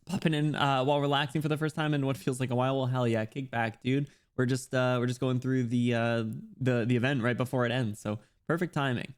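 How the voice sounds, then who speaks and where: A man's voice: mid-range voice, little pitch movement, brisk, few pauses, clean tone. A young man chatting casually with his chat while streaming a game, laughing often and reading messages aloud.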